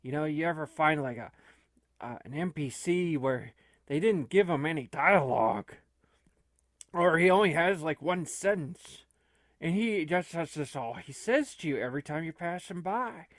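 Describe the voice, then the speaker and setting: A man's voice: a little high, animated, moderate pace, dry recording, clean studio sound, close to an everyday voice. A man playing a panicky rambling old man. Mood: alarmed. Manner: rambling, stammering. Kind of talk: comic improvised role-play.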